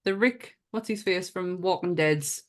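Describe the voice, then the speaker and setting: A woman's voice: fairly low pitch, measured pace. A woman with a northern English accent hosting a podcast, playful and chatty. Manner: playful and chatty, laughs often. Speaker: podcast host. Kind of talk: casual podcast chat.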